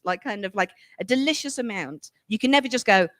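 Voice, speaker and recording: Frank, animated English woman. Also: mid-range voice, fast, few pauses, no echo. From England. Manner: animated, acts out voices when quoting people; frank and emphatic, swears casually. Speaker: author and guest. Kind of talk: casual conversation.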